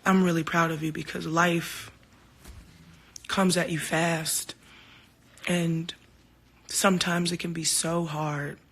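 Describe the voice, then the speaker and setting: A woman's voice: fairly low pitch, takes it slowly, pauses often, slightly rough. A woman talking to fans on a phone livestream, candid and heartfelt, swearing freely and telling stories with quoted back-and-forth. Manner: animated storytelling with quoted exchanges. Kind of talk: casual livestream talk. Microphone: phone camera.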